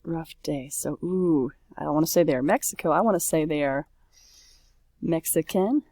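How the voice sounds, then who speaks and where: A woman's voice: deep voice, moderate pace, dark tone, no room sound, studio quality. A woman French teacher talking casually through a worksheet, correcting herself and saying oops as she goes. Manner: chatty, self-correcting, says oops often.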